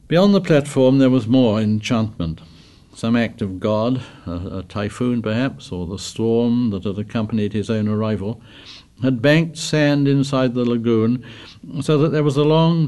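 A man reading a novel aloud as an audiobook narrator, in a measured, even storytelling manner. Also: mid-range voice. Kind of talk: scripted narration.

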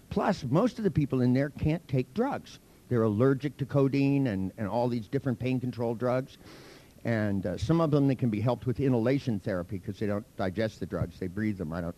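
Male hypnosis instructor, gravelly voice, swoops up and down a lot, crude teasing storyteller in front of a crowd. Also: mid-range voice, dark tone. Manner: blunt, profane, teasing storyteller. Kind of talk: seminar lecture with anecdotes.

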